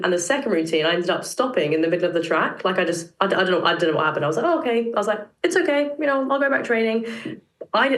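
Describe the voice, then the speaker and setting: A woman's voice: fairly low pitch, fairly bright tone. Chatty young British woman, roomy sound. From Britain. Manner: chatty, many fillers and restarts. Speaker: podcast guest, tumbler. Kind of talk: casual interview chat.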